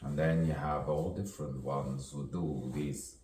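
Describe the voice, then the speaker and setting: A man speaks an unhurried stream-of-consciousness poem in an extremely deep voice, rambling and slipping into other voices and whispers. He sounds set back from the mic in an echoing room, with a faint hum behind him. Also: steady tone, warm tone, far from the mic. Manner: rambling, shifting voices and accents, drifting into whispers.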